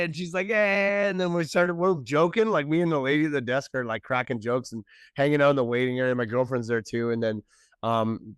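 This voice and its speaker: A male comedian and podcast co-host telling a story in casual chat, animated and laughing as he acts out the dialogue. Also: mid-range voice, clear, resonant tone, no room sound, studio quality.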